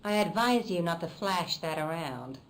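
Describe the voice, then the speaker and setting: A woman's voice: lowish voice, lively intonation, moderate pace, close to an everyday voice, poor audio. An actress voicing a chatty, prim hospital staff woman in a video game, gossipy and scolding.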